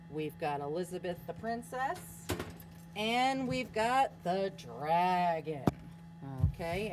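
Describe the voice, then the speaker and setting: Woman teacher, story-time read-aloud, lively melody, slow. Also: lowish voice, heavy background noise. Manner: expressive, asks children questions. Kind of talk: reading a picture book aloud to children.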